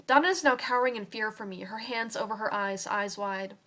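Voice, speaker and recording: A young woman reading her own story aloud in a quiet, halting way, with fillers and restarts. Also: medium pitch. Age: young adult.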